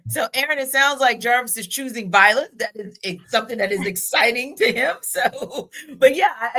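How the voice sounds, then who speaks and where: A woman's voice: mid-range voice, pushed and bright. Upbeat woman hosting a sports podcast. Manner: upbeat and chatty, laughs easily. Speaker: podcast host.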